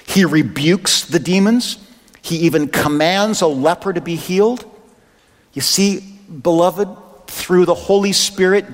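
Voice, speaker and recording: A male pastor delivers an impassioned sermon and reads scripture passages aloud. His voice is notably high and rings with long reverb. The sound suggests a large hall.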